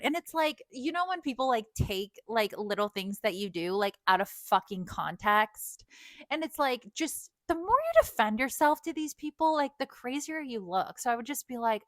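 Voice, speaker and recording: A woman's voice: on the high side, lively intonation, brisk, no echo. A woman in her thirties telling a storytime rant in casual talk, full of fillers, swearing and laughs. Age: 30s. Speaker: vlogger.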